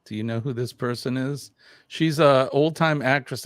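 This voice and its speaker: A man's voice: medium pitch, fairly even intonation, moderate pace, no room sound, clean studio sound. Chatty older man hosting a live stream. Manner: chatty, reads viewer comments aloud with many fillers. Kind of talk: casual live stream chat.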